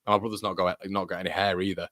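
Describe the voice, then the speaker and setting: A man's voice: sits low, flat delivery, racing, fairly bright tone, no echo, studio quality. A man in his thirties with a British accent, hosting a casual live football watchalong and chatting loosely while reading out viewer messages. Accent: British English. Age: 30s. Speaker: football fan channel host.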